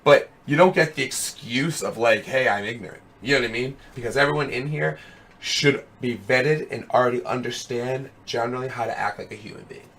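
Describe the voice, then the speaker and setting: A young man with a hoarse, worn voice, streaming and chatting casually with his viewers, rambling with lots of fillers and calling them dude and brother. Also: mid-range voice, fairly quick, fairly bright tone. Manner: rambling, fillers of "you know what I mean". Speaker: streamer hosting a web show. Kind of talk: casual live-stream chat. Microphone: headset.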